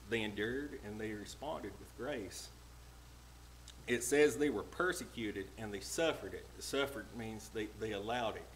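A man preaching a plain-spoken, homespun sermon in a church, slowing down to read old-style scripture verses. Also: fairly low pitch, slight background noise, poor audio. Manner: plain-spoken and homespun, reads King James verses slowly. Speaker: lay preacher. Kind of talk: folksy sermon with scripture reading. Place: church sanctuary.

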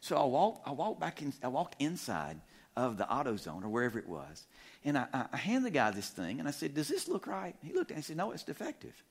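A male pastor telling a humorous story in a sermon, animated and full of restarts. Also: medium pitch, fast talker. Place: church sanctuary.

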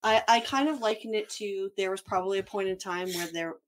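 A woman's voice: medium pitch, a little fast. A middle-aged Canadian woman, a travel blogger guest on a podcast, explaining things in chatty casual talk and laughing often.

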